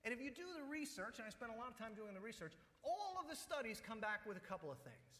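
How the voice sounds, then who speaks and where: A man's voice: very high voice, big pitch swings, quick pace, sharp tone. A man preaching a sermon as pastor, talking conversationally and telling personal stories. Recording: long hall reverb.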